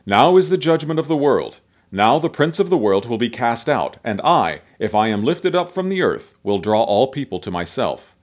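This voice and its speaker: A man's voice: medium pitch, very animated, normal speed. A man voicing a solemn male teacher.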